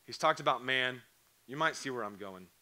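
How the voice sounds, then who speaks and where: Hoarse young guy preaching to kids at camp, sharp bright voice, keeps repeating himself. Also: mid-range voice, animated, normal speed. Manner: earnest, repeats phrases, emphatic questions to students. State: hoarse, voice going. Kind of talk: youth camp sermon. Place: church or camp hall.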